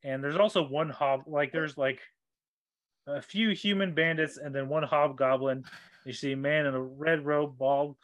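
A man narrating as game master, describing scenes in an unhurried way with lots of fillers. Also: on the high side, fairly even intonation, dry recording, highs cut off.

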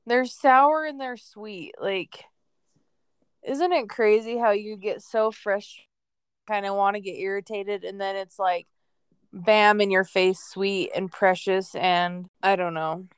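A woman's voice: mid-range voice, clear, resonant tone, no room sound, studio quality. A woman co-hosting a parenting podcast, chatting casually about her kids and laughing easily. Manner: slow, relaxed, laughs easily. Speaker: podcast co-host, mother. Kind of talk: casual chat.

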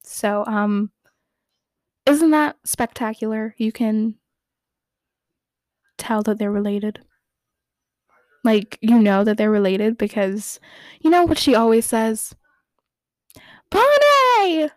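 A woman's voice: mid-range voice, slow pace, pauses often, a little mellow, no echo. A woman hosting a podcast in casual fan recap chat, rambling, giggly and playfully opinionated. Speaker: podcast host.

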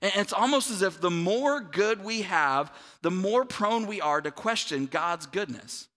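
Bright, animated man preaching. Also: high-pitched, unhurried. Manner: conversational, animated, asks the room "right?". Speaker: pastor. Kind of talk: sermon. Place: church auditorium with audience.

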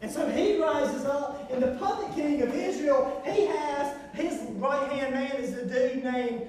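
A man preaching a sermon, telling a story in an animated, fast, breathless way. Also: extremely high pitch. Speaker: pastor. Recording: echoey hall, far from mic.

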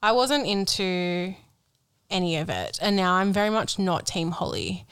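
A woman's voice: fairly low pitch, big pitch swings, a little slow, fairly bright tone, smooth, no room sound, studio quality. A young Australian woman co-hosting a casual chat, gushing and sweary. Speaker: podcast co-host.

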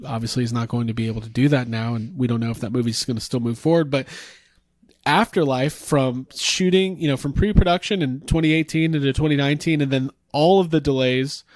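A man's voice: mid-range voice, steady tone, a little fast, no echo, studio quality. A man hosting a podcast, enthusiastic and swearing freely while telling stories in casual chat.

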